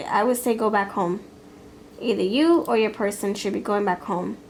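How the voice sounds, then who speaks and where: A woman's voice: medium pitch, normal speed, slight background noise, rough recording. A woman giving a pick-a-card tarot reading, thinking aloud in a rambling, frank way with many fillers and restarts. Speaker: tarot reader.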